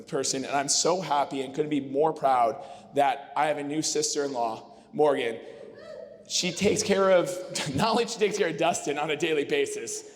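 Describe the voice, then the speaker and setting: A man in his thirties giving an emotional, heartfelt wedding toast as best man, rambling with fillers. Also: on the high side. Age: 30s. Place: wedding reception hall. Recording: long reverb of a reception hall.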